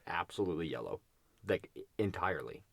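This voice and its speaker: This young adult podcast co-host has a deep voice with lively intonation and vocal fry, and he talks fast. He rambles casually with plenty of fillers and false starts, recorded in a clean studio with no echo.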